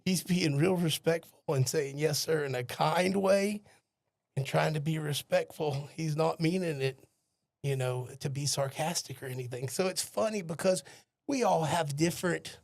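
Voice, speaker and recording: Southern guest, gravelly and slightly high, dry close mic, chatty storyteller. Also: male voice, moderate pace, darkish tone, dry recording. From American South. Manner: polite anecdotal storyteller. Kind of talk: casual conversation.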